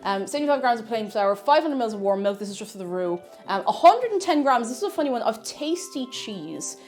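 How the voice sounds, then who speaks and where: A woman's voice: on the high side, sing-song, a little fast, faint music behind. A woman with an Irish accent, chatty and self-mocking, thinking aloud as she cooks on a stream in her home kitchen. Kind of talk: casual cooking stream chat.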